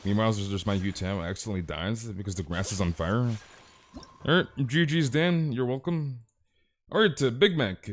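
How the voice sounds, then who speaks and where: A young man streaming a game live, chatting casually with viewers and telling animated, exaggerated stories. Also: lowish voice, normal speed. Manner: casual, animated, reads chat aloud, exaggerates. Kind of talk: live stream chat while playing.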